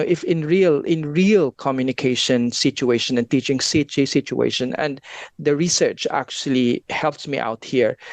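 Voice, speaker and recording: A man's voice: a little high, no room sound. A man, a guest researcher, explaining his ideas earnestly and at length in an interview. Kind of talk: academic interview chat.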